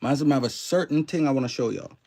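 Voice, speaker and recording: This livestream host has a medium-pitched, creaky, mellow voice and a quick pace. He speaks in a New Orleans–Canadian mixed accent, chatting loosely, cursing and welcoming viewers by name.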